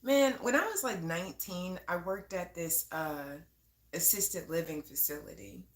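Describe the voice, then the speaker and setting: A woman's voice: fairly low pitch, lively intonation, a little slow, reverberant. A young woman chatting casually on a live stream, laughing often and swearing freely as she talks to viewers. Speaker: livestreamer. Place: at home.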